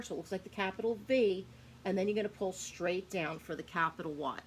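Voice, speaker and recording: A woman with a lowish voice talks a little fast as she gives young children a phonics lesson, asking questions and then answering them herself while patiently sounding out words. A bit of hiss or hum is audible.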